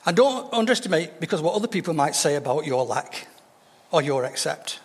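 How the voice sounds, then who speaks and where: A man's voice: lively intonation, fairly quick, husky, in a large hall. A man preaching a sermon, telling Bible stories with humour and acting out the people in them. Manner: storytelling, voices quoted figures with shifts in pitch.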